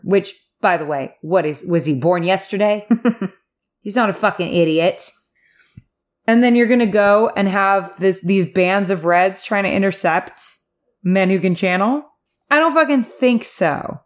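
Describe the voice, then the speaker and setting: A woman's voice: mid-range voice, expressive, unhurried. A woman co-hosting a casual book discussion, venting emphatically with frequent swearing. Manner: frustrated, emphatic, swears, repeats "here's the thing". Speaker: podcast co-host.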